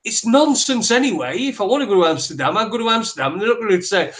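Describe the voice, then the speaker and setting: A man co-hosting a talk show, ranting in sweary, animated bursts with lots of restarts. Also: high voice, fast. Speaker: podcast co-host. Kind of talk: ranting opinion chat.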